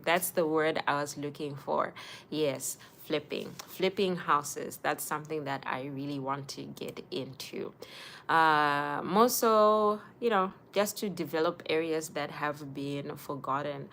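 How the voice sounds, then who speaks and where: A young woman, hosting a casual livestream and chatting warmly with viewers by name. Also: low voice, slight background noise. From Zimbabwe. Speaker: livestream host.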